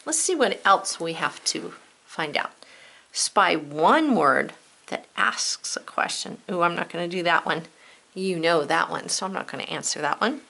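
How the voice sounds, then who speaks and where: Gravelly, bright-voiced woman teacher. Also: on the low side, animated. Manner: upbeat, playful, encouraging, sounds words out slowly. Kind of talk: children's spelling lesson.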